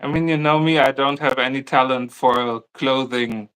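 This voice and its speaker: Bright-voiced man chatting casually. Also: mid-range voice, steady tone, normal speed, smooth, rough recording. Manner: light, laughs often, thoughtful asides. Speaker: co-host of a crochet livestream. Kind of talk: casual live chat.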